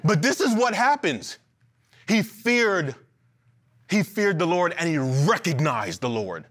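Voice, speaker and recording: A man preaching an animated, emphatic sermon to a church, repeating lines and joking between points. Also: on the high side, takes it slowly, slight background noise. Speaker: pastor.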